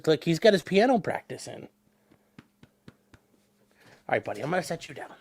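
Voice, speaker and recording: A man's voice: on the high side, very animated, a little fast, pauses often, a little mellow. A man hosting a casual livestream from home as a lawyer, rambling and chatty, breaking off to coo at his pets. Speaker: attorney and livestream host.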